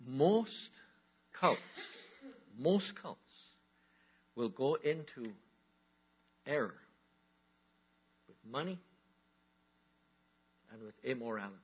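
A male pastor delivers a sermon in a husky, slightly rough voice of middle pitch. He leans on key words, slowing down for weight, then jumps up in energy. The sound is dull and lo-fi. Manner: emphatic preaching, slowing on key words and rising to animated outbursts. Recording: dull lo-fi recording.

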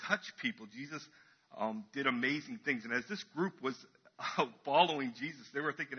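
Husky man preaching casually in church. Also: mid-range voice, normal speed, lo-fi sound. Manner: casual, chatty preaching with fillers and acted-out crowd voices. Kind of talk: sermon.

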